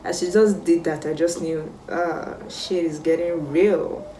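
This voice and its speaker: Animated Nigerian woman, roomy distant sound. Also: sits low, a little slow, a little hiss or hum. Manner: animated, exclamatory storytelling. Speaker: vlogger. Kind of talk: casual storytime chat. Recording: roomy sound, mic set back.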